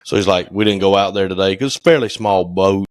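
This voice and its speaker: A man with a fairly low voice co-hosts a podcast in casual chat. He rambles through his stories with plenty of fillers. The sound is close and dry. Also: fast talker, no echo. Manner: rambling storyteller, many fillers. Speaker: podcast co-host.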